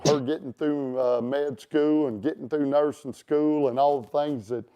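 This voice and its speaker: A man's voice: medium pitch, smooth, dull audio. A man hosting a casual interview chat, rambling with many fillers and restarts. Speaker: show host.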